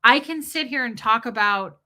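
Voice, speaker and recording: A woman's voice: a little high, moderate pace, sharp tone. A woman hosting a livestream, chatting casually and reading viewers' comments aloud. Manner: chatty, reads chat aloud, giggly. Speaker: livestream host.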